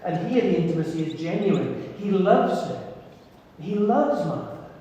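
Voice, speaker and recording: A man's voice: high-pitched, animated. Far-off echoey preaching man. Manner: earnest, intimate preaching with soft pauses. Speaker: pastor. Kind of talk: sermon. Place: church hall. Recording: echoey hall from far off, faint noise.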